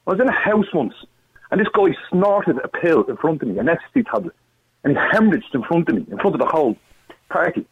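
A man with an Irish accent calling into a radio show, telling his own story in an earnest, rushed way. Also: fairly high pitch, sing-song, creaky, husky. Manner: earnest, rushed, tumbling words. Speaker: phone-in caller. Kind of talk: emotional personal testimony. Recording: phone line.

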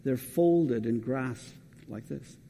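A man's voice: medium pitch, slow pace, gravelly, dark tone, big-room sound, slight background noise. A man preaching a sermon, talking conversationally and putting questions straight to the congregation.

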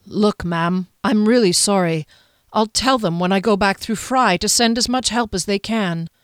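A woman's voice: mid-range voice, moderate pace, no echo, studio quality, close to an everyday voice. A woman voicing a polite, sympathetic male dispatch rider who talks courteously to a shopkeeper. It is an audiobook reading.

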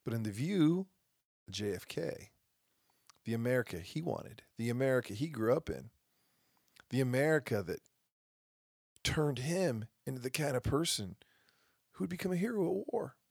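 A gravelly, husky-voiced man hosting his own podcast, speaking with passion and slipping into sarcastic asides. The recording is dry and close, with no room sound. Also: medium pitch, big pitch swings, normal speed, pauses often, a little mellow, dry recording. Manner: impassioned, with mocking asides. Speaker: podcast host. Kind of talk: opinion monologue.

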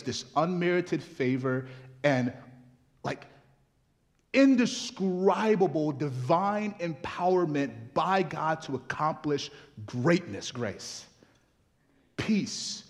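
Animated preacher in a reverberant church. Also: male voice, mid-range voice. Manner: animated, swings from loud emphatic to hushed; casual asides, laughs with congregation. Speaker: pastor. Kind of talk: sermon. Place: church sanctuary. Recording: long reverb of a church hall.

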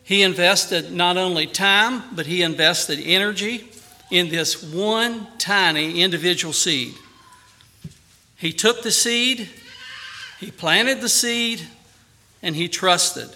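A man preaching a sermon earnestly, with emphatic rises on key phrases and a quieter, softer voice in prayer. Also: high voice, slow pace.

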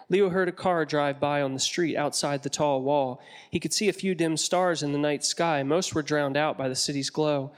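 A man narrating an audiobook in a slightly high voice. He tells the story in a measured, descriptive way, with a steady storytelling pace. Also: long reverb tail.

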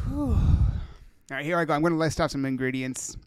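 A man's voice: a little high, big pitch swings, moderate pace, smooth, dry recording, clean studio sound. A man from Minnesota co-hosting a casual podcast, telling rambling travel stories and laughing often. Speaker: podcast co-host. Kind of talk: casual chat.

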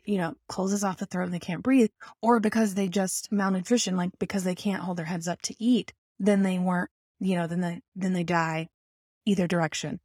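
A woman telling a personal story in an animated, self-mocking way, full of rambling asides. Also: lowish voice, no room sound, studio quality.

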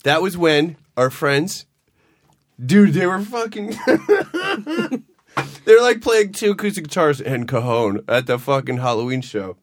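A man's voice: on the high side, expressive, unhurried, pauses often, a little hiss or hum. A man hosting a casual chat, jokey and swearing a lot. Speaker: host.

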